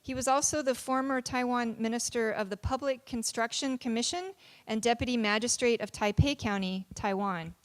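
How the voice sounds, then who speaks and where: A woman's voice: fairly high pitch, normal speed. A woman, a college dean, giving a formal introduction into an amplified microphone in a university lecture hall, chatty with light laughs and fillers.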